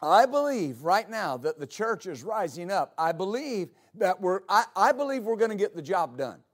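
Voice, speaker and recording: A man's voice: sits high, very animated, normal speed. A male pastor preaching a sermon in church, repeating key phrases and building to emphatic peaks.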